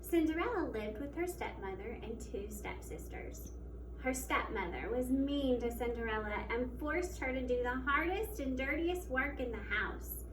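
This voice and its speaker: A woman teacher reads a children's fairy tale aloud, expressive and measured. Her voice is quite high. It sounds echoey and distant, with a faint hum behind it. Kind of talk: storybook read-aloud. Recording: echoey room, mic at a distance, faint background noise.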